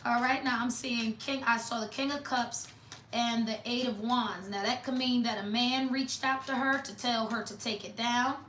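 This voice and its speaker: A woman's voice: a little high, steady tone, moderate pace, a bit bright, echoey room, slight background noise. A woman doing a casual tarot reading for viewers, talking in a blunt, mocking, sassy way. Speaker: tarot reader.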